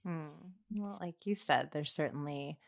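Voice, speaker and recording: A woman co-hosting a podcast, asking questions and answering thoughtfully in a soft, affirming way. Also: low-pitched, a little slow, gravelly, no room sound, studio quality. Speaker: podcast co-host. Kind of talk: casual interview chat.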